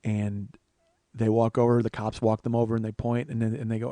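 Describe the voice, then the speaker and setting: A man in his forties telling a profane, animated comic story on his podcast. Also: lowish voice, dry recording. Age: 40s. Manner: profane, animated, quick asides. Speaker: comedian podcast host. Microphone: studio microphone he adjusts.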